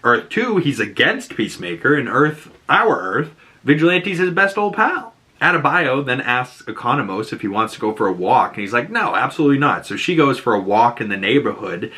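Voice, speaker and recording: A man's voice: medium pitch, sing-song, normal speed, pushed and bright. A man casually recapping a TV episode, chatty and profane, acting out the characters' lines as he goes. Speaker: TV show reviewer.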